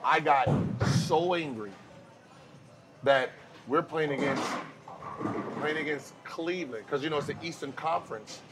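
A man with a fairly high speaking voice talks in a loose, lively podcast chat. He acts out quoted lines as he goes and keeps the stories moving. A steady wash of noise sits under the recording. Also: a little slow, pauses often. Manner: animated storyteller who acts out quoted voices. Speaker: podcast host.

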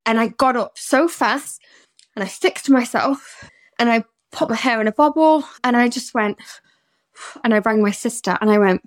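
A woman's voice: fairly high pitch, moderate pace. A woman therapist with a British accent, speaking candidly and emotionally in a podcast conversation, telling personal stories.

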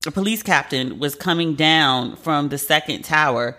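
A man's voice: a little high, normal speed, pushed and bright. A man, a journalist, hosting a casual monologue podcast, chatty and emotional, filling his talk with "like". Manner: chatty and emotional, heavy use of "like".

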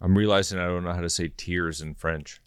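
Young male co-host, very deep and smooth, dry grumbling. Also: fairly even intonation, brisk, dry recording. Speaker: podcast co-host. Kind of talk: casual podcast banter.

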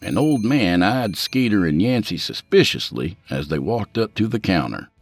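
A man's voice: on the low side, very animated, moderate pace, slightly rough, no room sound. A man narrating a scripted story in a dry, folksy, humorous way. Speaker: narrator and host.

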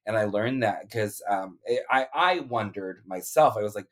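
A man from the American South with a Southern American accent, hosting a podcast in casual, animated chat and laughing often. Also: lowish voice, normal speed. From Florida, USA. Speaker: podcast host.

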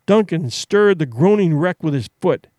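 A man's voice: a little high, expressive, moderate pace, a little mellow, a little hiss or hum. A man hosting a classic short story show, reading the tale aloud with dramatic expression. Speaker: host and storyteller. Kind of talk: storybook narration.

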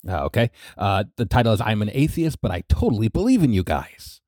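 A man's voice: fairly low pitch, sing-song, fairly quick, darkish tone, slightly rough, no room sound, clean studio sound. A man playing a rambling, laid-back Moses. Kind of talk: improvised comedy podcast.

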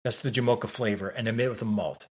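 A man in his forties telling a story in an animated, casual way on a chat show he co-hosts, swearing now and then. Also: lowish voice, very fast, breathy edge. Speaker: podcast co-host.

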